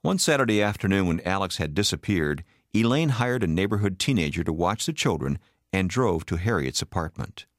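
Man narrating an audiobook, deep voice, lively intonation, dry close sound. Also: a little fast, no echo.

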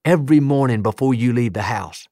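A man's voice: mid-range voice, fairly quick, mellow, dry recording, studio quality. A man preaching a sermon as pastor, emphatic and building rhythmic lists of declarations.

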